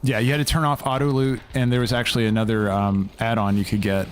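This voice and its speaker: A man's voice: mid-range voice, little pitch movement, quick pace, slight background noise. A young man streaming a video game live, chatting loosely and rambling, swearing casually as he plays.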